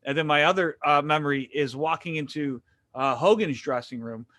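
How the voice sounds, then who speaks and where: A man from the Detroit area telling lively, stammering stories as an interview guest. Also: a little high, moderate pace, no echo, clean studio sound. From Detroit area, USA. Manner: animated, excited, frequent stammered restarts. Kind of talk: casual storytelling.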